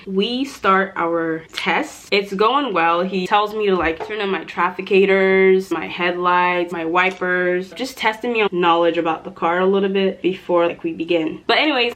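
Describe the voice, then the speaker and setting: A young woman from Nigeria chatting casually through a get-ready-with-me storytime, animated and talkative while she does her makeup at home. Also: medium pitch. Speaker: beauty vlogger.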